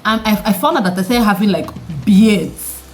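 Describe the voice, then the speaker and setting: Young woman, deep mature voice, chatty vlog delivery, faint background noise. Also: moderate pace. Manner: animated, chatty, rhetorical questions to viewers, frequent laughs. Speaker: vlogger. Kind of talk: candid vlog chat to camera.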